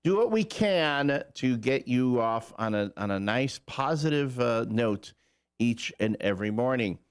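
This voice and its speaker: A man's voice: medium pitch, lively intonation, unhurried, clean tone. Jokey male morning radio host. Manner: jokey, rambling, with playful asides. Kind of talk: casual morning radio banter and weather report. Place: radio studio.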